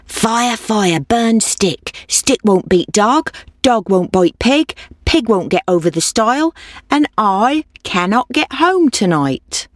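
A woman's voice: medium pitch, very animated, unhurried, no echo, voice pushed up. A woman voicing a frustrated old woman who repeats pleading commands, in a dry recording. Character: frustrated old woman stuck with a stubborn pig.

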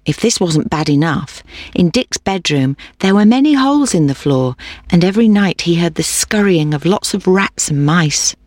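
A narrator reading a children's storybook in a steady, clear way. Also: medium pitch, moderate pace, dry recording, clean studio sound.

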